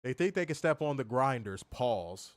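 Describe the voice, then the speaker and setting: A man hosts a live wrestling review in an animated, medium-pitched voice at a moderate pace, casual and profane, repeating himself and reading comments from chat. The recording is dry and studio clean.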